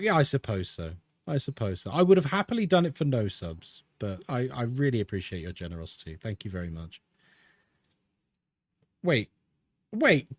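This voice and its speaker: A man's voice: fairly high pitch, no echo, studio quality. Chatty British man streaming games. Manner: chatty, laughs a lot, reads chat aloud. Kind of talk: casual live-stream chat.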